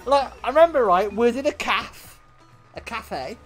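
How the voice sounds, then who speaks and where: A man's voice: very high-pitched, expressive, normal speed, faint music behind. A man streaming, telling a profane story to chat and laughing often.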